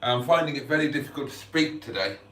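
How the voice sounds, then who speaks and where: A man's voice: medium pitch, quick pace, a bit bright, distant mic. Lisping man, roomy and off-mic. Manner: chatty and self-mocking. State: hungover. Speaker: vlogger. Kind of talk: casual live chat. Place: room at home.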